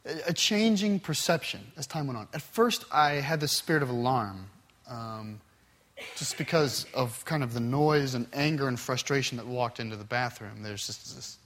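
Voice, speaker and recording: A man's voice: mid-range voice, moderate pace, fairly bright tone. A middle-aged man teaching a Bible class in a conversational way, telling a personal story earnestly with frequent restarts.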